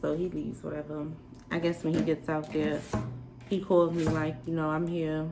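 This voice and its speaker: A young woman from New York telling a storytime to the camera, animated and sassy, acting out the quoted lines. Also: sits low, moderate pace, music in the background, poor audio. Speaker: vlogger. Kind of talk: storytime chat.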